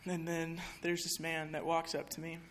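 Speaking at normal speed with a deep, completely flat delivery, a young woman gives a candid personal testimony to a chapel audience, conversational and full of fillers. A little hiss or hum can be heard.

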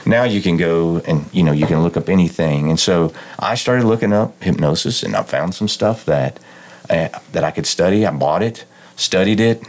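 Low-voiced middle-aged man, radio tone. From West Texas, United States. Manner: low smooth radio-like voice, halting restarts. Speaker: alumnus guest and amateur hypnotist. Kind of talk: casual interview chat.

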